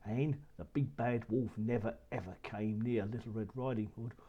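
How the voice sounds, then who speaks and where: A man narrating a children's story with an expressive, animated telling. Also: fairly low pitch, moderate pace, husky, dull audio.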